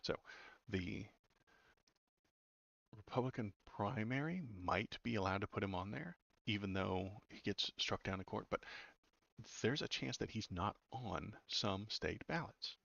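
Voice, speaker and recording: Deep, gravelly man, blunt and sarcastic. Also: expressive, measured pace, a bit bright, no room sound, highs cut off. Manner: blunt and sarcastic, stumbles over words. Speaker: political commentary host. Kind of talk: casual political commentary.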